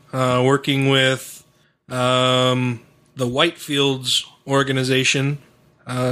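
Bright-toned male host from Utah, swears freely in loose casual chat. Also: medium pitch. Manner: profane storytelling. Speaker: podcast host. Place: home studio.

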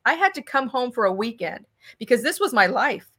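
A woman's voice: fairly high pitch, a little fast. A middle-aged woman from California, a guest in a conversational interview, telling a story animatedly and acting out the dialogue. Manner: animated, acts out dialogue in quotes. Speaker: political candidate guest.

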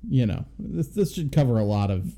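Dark-voiced man reading a film synopsis. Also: mid-range voice, brisk. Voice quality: very dark, mellow voice. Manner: agreeable, steady reading. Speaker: podcast co-host. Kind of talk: casual movie review chat, reading a synopsis.

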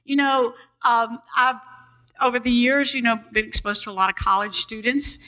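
An older woman preaching a sermon in a church on a boom mic, calling out to the congregation for responses. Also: steady tone, normal speed, pushed and bright, rough recording.

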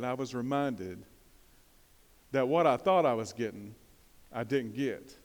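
A man preaches a sermon, talking easily and putting questions to his congregation. His voice sits at an everyday middle pitch. It rings with a long hall reverb, as from a church sanctuary. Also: animated, unhurried. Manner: conversational, asks the congregation questions, bursts of emphasis. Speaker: pastor.

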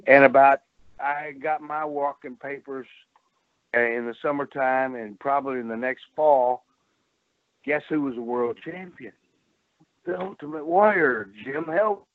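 A man's voice: medium pitch, unhurried, no room sound. An older man, a former wrestler, telling salty stories on a phone interview and laughing at his own tales. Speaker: former pro wrestler, guest. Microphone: telephone. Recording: tinny phone line.

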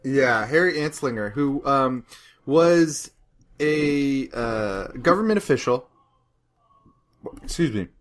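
A man hosting a loose comedy history podcast, talking in a middle-pitched voice. He rambles through the story with filler words and swearing, and keeps breaking into laughter. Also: lively intonation, slow, pauses often. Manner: rambling, profane, laughs often. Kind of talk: casual comedic history chat.

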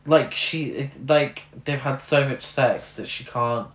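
A man's voice: mid-range voice, slow pace. Guy ranting about an awful movie, lots of ums, echoey room. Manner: exasperated, ranting critique with many fillers. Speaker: podcast co-host. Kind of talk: casual film review chat. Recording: roomy echo.

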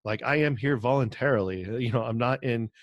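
A man's voice: medium pitch, a little fast, no echo, lo-fi sound. A man co-hosting a podcast in casual chat, joking and chiming in with quips and his own story. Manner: joking banter, chimes in with quips. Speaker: podcast co-host. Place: on a video call.

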